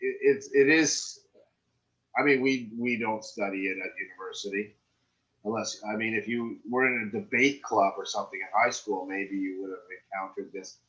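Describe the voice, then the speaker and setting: A man's voice: lowish voice, fairly even intonation, moderate pace, fairly bright tone, lo-fi sound. A middle-aged man giving script feedback in an acting class, rambling and often checking in with "right?". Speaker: acting coach.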